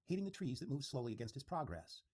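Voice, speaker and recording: A man's voice: medium pitch, big pitch swings, fast talker, darkish tone. A man hosting a storytelling show, introducing and starting to read a story. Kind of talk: scripted story narration.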